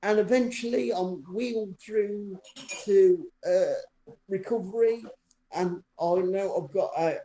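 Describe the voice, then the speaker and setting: A man telling a personal story in a relaxed, chatty way. He wanders with frequent "um"s and restarts and mocks himself with a dry wit. The recording is roomy, with noticeable echo. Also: high voice, slow. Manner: rambling, lots of fillers and restarts, dry self-mocking humour. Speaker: podcast co-host telling a story. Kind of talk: casual anecdotal storytelling.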